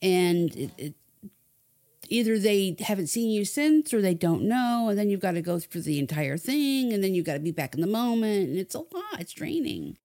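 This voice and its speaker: A woman's voice: medium pitch, sing-song, warm tone. A woman guest on a podcast, chatting casually and supportively, chiming in with agreement. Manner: supportive, quick to laugh, chimes in. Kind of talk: casual chat.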